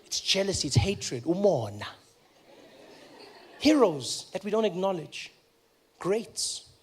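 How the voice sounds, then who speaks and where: A man with a South African accent performing stand-up comedy, telling an animated story and acting out the other people in it. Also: high-pitched, takes it slowly, breathy edge.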